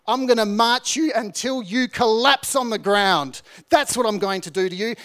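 A man doing a barking drill corporal. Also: high-pitched. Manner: loud, barking threats. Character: harsh male army drill corporal, taunting and menacing.

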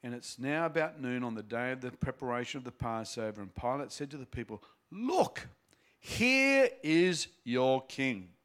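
A man's voice: medium pitch, fast, few pauses. Casual man reading scripture with commentary. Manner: casual, explanatory asides. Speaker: Bible teacher.

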